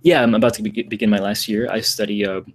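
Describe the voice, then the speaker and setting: A man's voice: lowish voice, very animated, fast, gravelly. An American man in his twenties, a guest on a livestream call, talking in a hesitant, self-deprecating way with many ums and restarts. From United States. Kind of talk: casual livestream chat.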